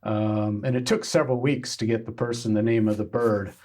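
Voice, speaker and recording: Halting man from Kansas. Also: on the low side, fairly even intonation, darkish tone, slight background noise. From Kansas, United States. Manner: halting, many fillers. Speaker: guest hiker. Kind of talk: casual interview.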